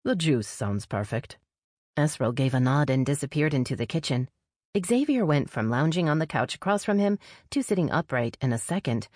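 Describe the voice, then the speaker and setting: A woman narrating a novel in a steady, even storytelling manner. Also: low-pitched, a little fast, no echo, clean studio sound. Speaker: audiobook narrator. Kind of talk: scripted narration.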